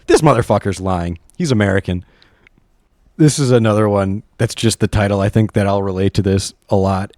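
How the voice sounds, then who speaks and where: A man's voice: on the low side, huge pitch swings, brisk, a little mellow, no echo, clean studio sound. Rambling, swearing young man reading stories. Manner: rambling, profane, laughs often. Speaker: vlogger reading online stories. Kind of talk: casual chat reading stories aloud.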